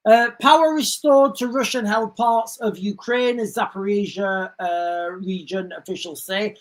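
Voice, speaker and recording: A man's voice: high-pitched, a little slow. A man hosting a casual commentary livestream, rambling, restarting his sentences and calling his viewers guys. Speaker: livestream host. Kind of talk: casual political commentary stream.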